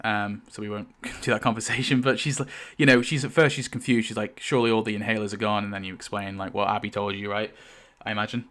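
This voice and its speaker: A man's voice: lowish voice, fairly even intonation, brisk, hardly any pauses, fairly bright tone. A man running a tabletop game as game master, rambling with many fillers and laughs.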